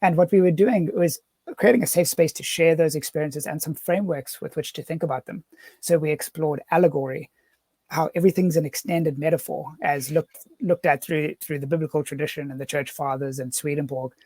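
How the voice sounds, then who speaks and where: A man's voice: fairly high pitch, fairly even intonation, brisk, darkish tone, no room sound. A man with a South African accent co-hosting a casual online chat, talking in an earnest, reflective way over a video call. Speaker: co-host.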